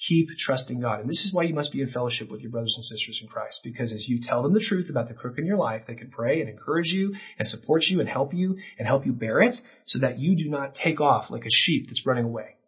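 Male pastor, husky voice, impassioned sermon delivery, slightly dull lo-fi recording. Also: medium pitch, animated, fast, few pauses. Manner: impassioned, rising to near-shouting peaks. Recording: dull lo-fi sound.

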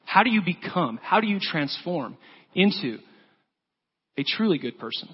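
A man's voice: high-pitched, very animated, normal speed, breathy edge. A man preaching a sermon, telling a story earnestly and acting out the quoted lines. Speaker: pastor. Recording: dull lo-fi sound with long church reverb.

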